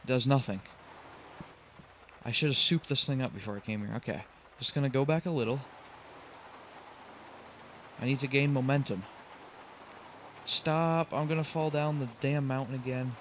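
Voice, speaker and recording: A young man running a gaming channel talks through his driving game attempt, frustrated, pleading with his truck, and groaning whenever he slips up. His voice is medium-pitched at normal speed, broken by long pauses, with slight background noise.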